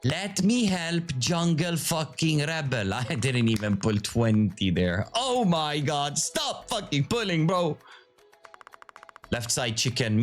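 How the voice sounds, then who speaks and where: A man talking to his viewers in casual live commentary, excitable and profane, his pitch swinging up and down a lot. He takes his time and speaks in an unhurried way even when worked up. Faint music plays under his voice. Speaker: video host.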